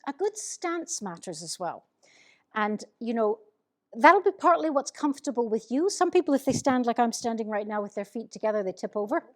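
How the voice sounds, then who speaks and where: Encouraging woman leading a workshop. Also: a little high. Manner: lively, encouraging, demonstrates exercises aloud. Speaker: minister leading a public speaking workshop. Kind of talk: live workshop teaching. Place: room with a group, speaking while standing.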